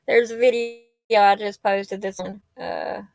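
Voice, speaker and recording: A woman's voice: medium pitch, level tone, unhurried, no echo. A woman, rambling and heartfelt in a tearful casual livestream chat. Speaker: livestream host. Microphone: laptop or phone mic.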